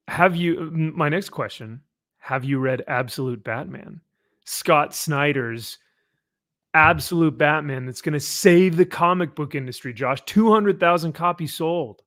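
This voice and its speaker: A man hosting a casual panel chat about comics, animated and joking, from Southern California. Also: on the high side, slow, long pauses, no echo, clean studio sound. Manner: animated, mimics people with loud put-on voices. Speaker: podcast host.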